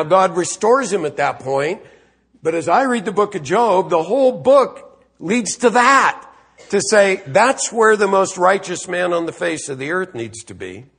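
A man's voice: high-pitched, a bit bright, husky. A man preaching a sermon in a conversational, emphatic way, with mock-casual asides.

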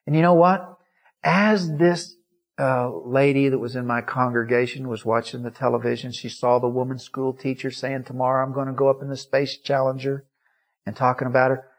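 A man preaching a sermon as a pastor, telling a story and swinging from loud climaxes to hushed, quiet lines. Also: medium pitch, flat delivery, normal speed.

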